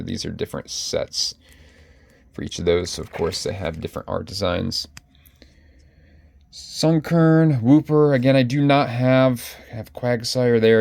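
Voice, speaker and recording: A man's voice: low-pitched, gravelly, darkish tone, a little hiss or hum. A man chatting casually to his viewers as he pages through his card collection, often correcting himself mid-sentence. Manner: chatty, self-correcting, addresses viewers directly. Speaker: collector vlogger.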